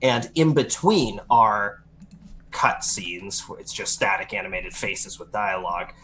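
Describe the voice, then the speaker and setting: A man's voice: fairly low pitch, unhurried, a little hiss or hum. A man co-hosting a gaming podcast, chatting casually and rambling through game opinions. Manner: rambling, self-correcting, animated impressions. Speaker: podcast co-host.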